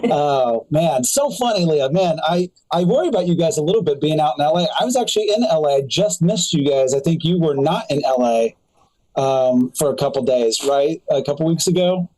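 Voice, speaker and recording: A man starting a stand-up comedy set with halting, friendly banter toward the host. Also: on the high side, animated, dark tone, poor audio. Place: live comedy show before an audience.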